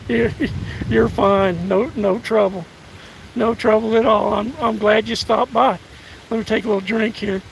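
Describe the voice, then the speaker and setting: Older man, hoarse, gravelly, high-pitched, slow folksy talk, phone outdoors. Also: fairly even intonation, poor audio. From United States. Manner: folksy, halting, thanks viewers by name. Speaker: live streamer. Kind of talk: casual live-stream chat. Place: outdoors in windy woods. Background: faint wind and rustling leaves.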